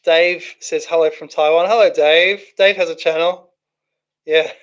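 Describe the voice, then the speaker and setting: A man with a slightly higher voice hosts a casual livestream. He reads viewer comments aloud and answers them in a loose, rambling way, often restarting his sentences. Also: steady tone, unhurried, clear, resonant tone. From Australia. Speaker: livestream host reading chat. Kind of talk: casual live chat.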